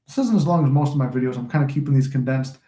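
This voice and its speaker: Mellow-voiced man, rambling pep talk. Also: mid-range voice, rapid-fire, roomy sound. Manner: rambling, swears casually. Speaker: manifestation coach and YouTuber. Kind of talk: casual motivational talk to camera.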